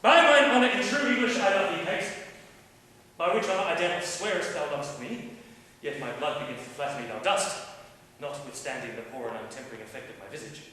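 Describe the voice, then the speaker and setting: A man plays a young king in love, bluff and teasing, his bright, fairly high voice leaping up and down as he woos in verse. He is heard from well back across a large theater, the sound washed in long, echoing reverb. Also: fairly quick, distant mic, a little hiss or hum. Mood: wooing. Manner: teasing, declamatory verse delivery. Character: young English king wooing a French princess, bluff and playful. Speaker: stage actor. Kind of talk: classical stage acting. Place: large indoor theater stage.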